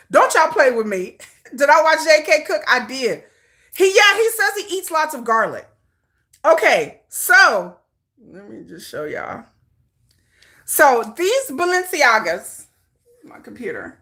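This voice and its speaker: This K-pop livestream host speaks in a slightly high voice that sounds pushed and bright. She's from Detroit, United States and chats casually at her home computer with a ring light, laughing often and bringing plenty of sass.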